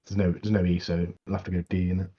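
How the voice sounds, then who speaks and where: Lad on a gaming pod, husky lowish voice, keeps laughing, muffled lo-fi mic. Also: male voice, quick pace. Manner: laughs often, animated retellings. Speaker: podcast co-host. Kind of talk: casual gaming chat.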